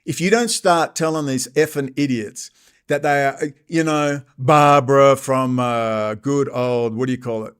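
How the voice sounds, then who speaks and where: A man's voice: medium pitch, a little slow, clean tone. An Australian man hosting his own channel, ranting angrily in a profane monologue and mocking others in sarcastic put-on voices. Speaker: channel host.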